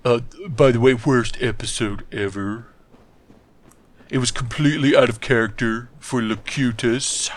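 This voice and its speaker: A man's voice: mid-range voice, fairly even intonation, a little slow, lightly acted. A man voicing a pedantic, smug male nerd viewer who lectures in a prim, condescending way, as part of gaming commentary.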